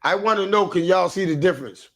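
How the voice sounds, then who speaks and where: Gravelly man ranting on a livestream. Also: high-pitched, quick pace. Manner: rambling, repeats himself, stammers and restarts, answers chat comments. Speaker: livestream host. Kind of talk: casual livestream rant.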